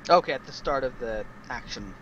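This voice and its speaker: A man's voice: mid-range voice, lively intonation, brisk, dull audio, a crowd in the background. A man taking part as a player in a casual tabletop game, giving short, matter-of-fact replies.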